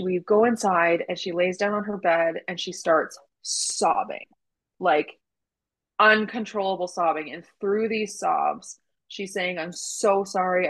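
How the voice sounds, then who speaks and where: A woman with a slightly low voice recounts a story in casual podcast chat. She acts out the quoted lines as she goes and keeps a relaxed, conversational pace. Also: low-quality recording. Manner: animated retelling with quoted dialogue and laughs. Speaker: doula telling her story.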